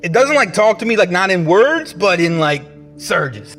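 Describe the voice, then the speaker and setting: A man's voice: high voice, very animated, normal speed, fairly bright tone, faint music behind. A man in a comedy sketch with a dreamy, odd way of talking.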